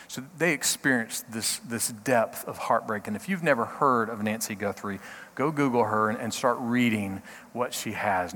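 Earnest man with halting repeats, reverb. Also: medium pitch, a bit bright. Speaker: pastor. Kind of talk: short devotional talk.

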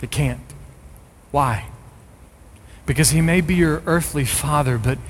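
Middle-aged preacher in a reverberant hall. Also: male voice, a little high, measured pace, slight background noise. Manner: preachy, rising to forceful emphasis. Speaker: pastor. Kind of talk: sermon.

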